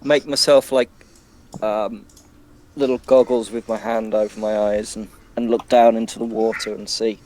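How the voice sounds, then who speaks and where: A man's voice: lowish voice, flat delivery, moderate pace, a little mellow. A man playing a tabletop game, rambling loosely with lots of fillers. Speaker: player. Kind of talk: casual tabletop game chat.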